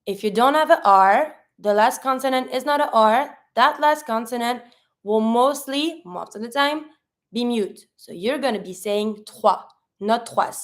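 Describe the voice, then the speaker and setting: A woman's voice: fairly high pitch, moderate pace. A woman teaching a French lesson, explaining pronunciation patiently step by step with repeated examples. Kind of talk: online language lesson.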